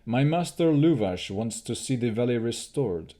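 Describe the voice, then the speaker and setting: A man's voice: medium pitch, expressive, normal speed, mellow, natural voice. A man reading an audiobook, voicing a grave male elf leader who speaks solemnly and apologetically.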